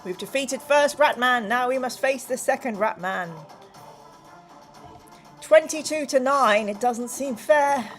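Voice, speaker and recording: A woman's voice: sits high, measured pace, soft background music. A woman hosting a live stream, reading a gamebook aloud to her chat in a playful, exclamatory way.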